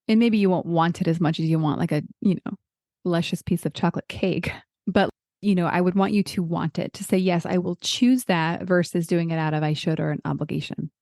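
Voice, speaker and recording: Woman, middle-aged, group call host, low mellow voice, encouraging, chatty, dry sound. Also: no room sound. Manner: encouraging, chatty, thinks aloud. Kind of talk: casual group discussion.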